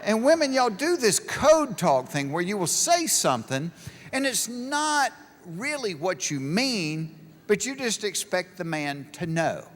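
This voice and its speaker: Middle-aged comedian, lively high voice. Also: male voice, measured pace. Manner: storytelling, acting out both sides of conversations. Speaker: stand-up comedian. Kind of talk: stand-up comedy routine. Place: large live venue with an audience. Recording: live show with hall reverb.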